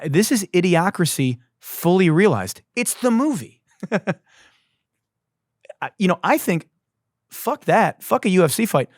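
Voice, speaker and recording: A man hosting a satirical news show, ranting loudly and swearing, his voice going hoarse from yelling. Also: no echo, studio quality. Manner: swings from loud yelling to low mutters, swears. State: losing his voice. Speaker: comedy news host.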